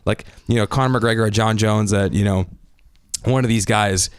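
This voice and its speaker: A man leads a casual podcast chat with a motivational, preaching drive, hammering his points home. His voice sits on the low side. The sound is dry and close, with no room around it. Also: steady tone, moderate pace, clean tone, no room sound. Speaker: podcast host.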